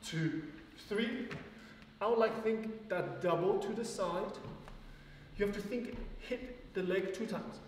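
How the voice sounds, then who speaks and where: In a large ballet studio, a man teaches class, heard from a distance through an echoey room mic with a little hiss or hum. His high-pitched voice is slow as he calls out steps and counts, chatty and encouraging, laughing briefly between counts.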